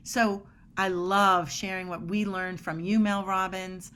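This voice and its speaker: A middle-aged woman talks as a podcast guest, emphatic and lively, acting out little scenes of dialogue. Her pitch sits in the middle of the range. A faint hiss lies under her voice. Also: slow pace. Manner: animated, emphatic, acts out quoted dialogue. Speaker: body language expert guest. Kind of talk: podcast interview.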